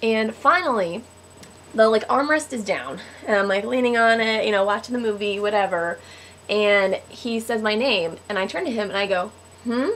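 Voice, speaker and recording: A woman's voice: medium pitch, moderate pace, fairly bright tone, slight background noise. Chatty teen girl telling a story. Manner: chatty, giggly, full of "like". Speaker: vlogger. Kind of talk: casual storytelling to camera.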